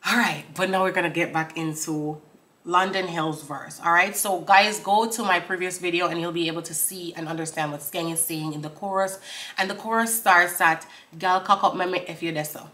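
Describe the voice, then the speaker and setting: Woman vlogger, bright and forceful tone, lowish voice, chatty lyric breakdown. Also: steady tone. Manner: laughs often, reads out lyrics slowly then explains them; talks straight to viewers, asks for comments. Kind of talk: casual chat.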